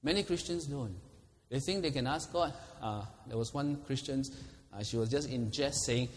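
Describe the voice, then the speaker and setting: A man's voice: medium pitch, moderate pace, in a large hall, slight background noise. A man preaching a sermon, laughing often and acting out quoted prayers.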